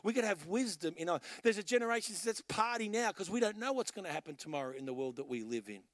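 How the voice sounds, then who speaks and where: High-voiced Australian pastor preaching. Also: male voice, lively intonation, fast, a bit bright, no echo, clean studio sound. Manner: storytelling, conversational, punchy short phrases. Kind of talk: sermon.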